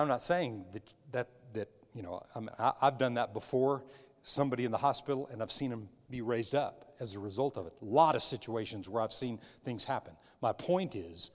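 A middle-aged man preaching in a church, his voice sitting at an ordinary pitch. He talks conversationally, restarting phrases, then rises to loud, emphatic bursts before dropping to quiet asides. A long reverb hangs on every word. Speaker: pastor. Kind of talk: sermon. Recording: long reverb of a large hall.

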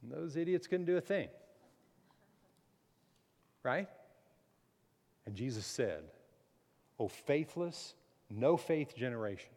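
A man preaches in a church, his voice carrying a long reverb tail through the hall. He reads scripture and comments on it, climbing to loud, emphatic peaks and then dropping low and quiet to press a point home. His pitch sits in the middle range for a man. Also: animated, takes it slowly, pauses often. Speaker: pastor. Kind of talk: sermon.

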